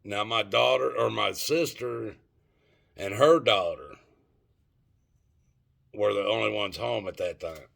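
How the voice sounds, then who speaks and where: A man's voice: on the low side, slow pace, creaky, long pauses, a bit bright. A middle-aged man telling a story and ranting to his viewers in a rambling, profane, casual way. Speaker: vlogger.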